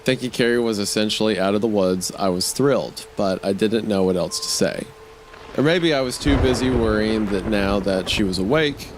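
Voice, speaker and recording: Podcast host, man, steady story reader with chatty asides, soft music behind. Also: on the low side. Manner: reads steadily, breaks off laughing into chatty comments. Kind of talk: story reading with casual asides.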